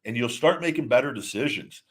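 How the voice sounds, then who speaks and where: A man's voice: medium pitch, expressive, fairly quick, a bit bright, slightly rough. A man hosting a livestream, talking casually and rambling, with lots of repeated words and restarts as he answers viewer chat questions. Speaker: podcast host.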